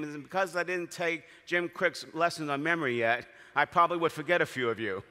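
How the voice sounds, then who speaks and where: A man's voice: fairly high pitch, sharp tone. A man telling heartfelt stories in a keynote speech as an association president, in a large convention hall. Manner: storytelling, heartfelt. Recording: long hall reverb.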